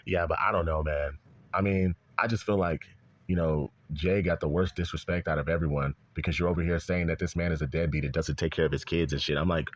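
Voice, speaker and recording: A man's voice: sits low, fairly quick, dry recording, muffled recording. Heated, profane man ranting. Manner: heated, profane, repetitive rant. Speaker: commentator. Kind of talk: ranting commentary.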